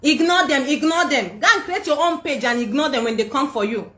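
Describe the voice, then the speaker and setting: A woman's voice: high voice, animated, brisk, sharp tone. A Nigerian woman hosting a livestream, scolding and defiant, repeating herself, speaking into a phone. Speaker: livestream host. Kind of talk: livestream rant. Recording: echoey room.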